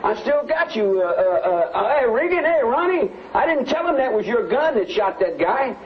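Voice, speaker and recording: A man's voice: very high-pitched, sing-song, normal speed, over a noisy crowd. A man being interviewed, talking in a rambling, intense and defiant way, on muffled archival tape.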